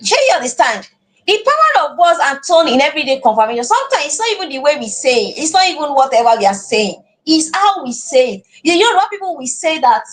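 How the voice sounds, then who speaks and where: A woman's voice: high-pitched, big pitch swings, quick pace. A woman with a Nigerian accent teaching an online class for parents, earnest and often repeating words as she goes. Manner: earnest, repeats words while finding phrasing.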